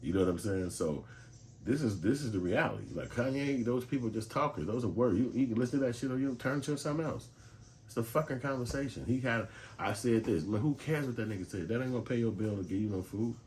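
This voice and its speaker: A man's voice: mid-range voice, lively intonation, fast talker, a little mellow, slight background noise. A man giving blunt, profane, casual commentary as host of his own channel. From Chicago.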